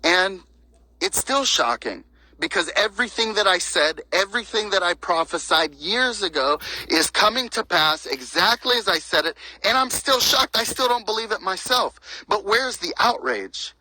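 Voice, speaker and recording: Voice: mid-range voice, expressive, moderate pace, sharp tone, no room sound, poor audio. A speaker giving an impassioned, preaching monologue, fervent and indignant, firing off one rhetorical question after another.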